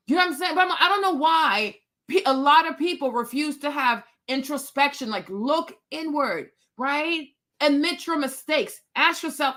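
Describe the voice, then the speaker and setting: A woman's voice: high voice, normal speed, sharp tone. A woman in her thirties hosting a casual live stream, talking bluntly and with firm opinions straight to her viewers.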